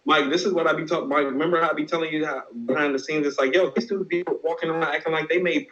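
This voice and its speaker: A man's voice: fairly high pitch, steady tone, quick pace, a bit bright, roomy sound, highs cut off. A man co-hosting a podcast, arguing bluntly and emphatically, with lots of "hold on" and "no, no, no". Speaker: podcast co-host. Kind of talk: heated casual debate.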